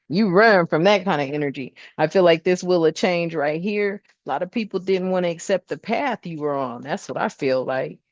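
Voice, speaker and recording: A woman's voice: on the low side, no echo, dull audio. A woman doing a casual spiritual tarot card reading, chatty and emphatic, with slangy asides and frequent laughs.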